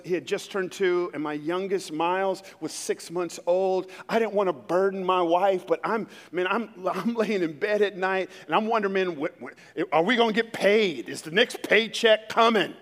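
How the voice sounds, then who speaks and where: A man in his thirties preaching a sermon, with fervent, emphatic delivery that swings from quiet storytelling to loud declarations. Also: high-pitched, in a large hall. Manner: preaching with rising fervor and street-tinged emphasis. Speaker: pastor.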